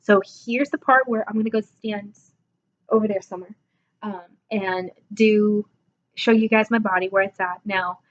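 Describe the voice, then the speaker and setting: A woman's voice: medium pitch, fairly even intonation, normal speed, highs cut off. Sleepy, chatty young woman vlogger. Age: 20s. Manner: chatty, self-deprecating, laughs often. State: sleepy, yawning. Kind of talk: casual self-assessment vlog.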